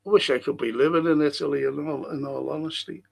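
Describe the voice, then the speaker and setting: A man's voice: a little high, steady tone, fast, creaky, darkish tone. A middle-aged man, hosting a podcast and reading out viewer comments in a rambling, chatty way. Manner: chatty, rambling, frequent restarts and fillers. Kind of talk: casual livestream chat.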